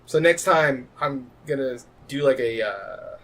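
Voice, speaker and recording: A man's voice: mid-range voice, animated, unhurried, fairly bright tone. A man co-hosting a podcast, chatting casually and rambling with frequent restarts. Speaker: podcast co-host. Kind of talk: casual chat.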